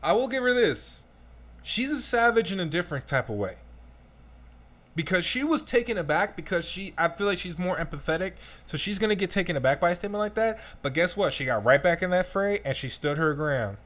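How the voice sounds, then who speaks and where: Animated ranting male commentator. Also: high voice, a little fast. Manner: animated, ranting, addresses the audience. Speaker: commentator reacting to a video clip. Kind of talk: casual reaction commentary.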